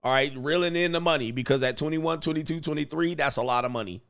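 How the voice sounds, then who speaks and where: A man's voice: fairly high pitch, fast, vocal fry, fairly bright tone, smooth. A man hosting casual commentary, brash and slangy, chuckling often and hammering his punchlines. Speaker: commentary host.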